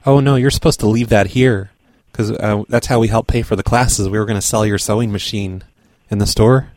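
A man making a prank phone call, pushy, rude and deadpan. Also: fairly low pitch, a little fast, no room sound. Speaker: prank caller.

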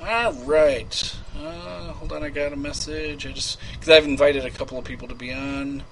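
On a low-quality recording, a man with a fairly high pitch and fairly even intonation speaks at normal speed. Hosting his homemade prank call show, he chats casually and rambles through his ads, laughing frequently and trailing off into mumbling.

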